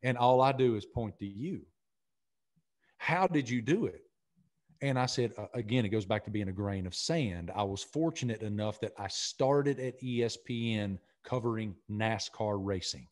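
A middle-aged man with a Southern accent, a guest in a podcast interview, talking in an earnest, energetic way and often repeating himself. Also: on the low side, normal speed, hardly any pauses. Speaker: podcast guest, sports broadcaster. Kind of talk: casual interview talk.

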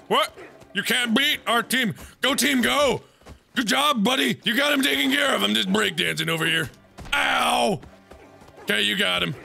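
Goofy yelling gamer guy in his 20s, super high and bright, trash talks and cackles, faint music behind. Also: creaky. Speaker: gaming video host. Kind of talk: let's play commentary.

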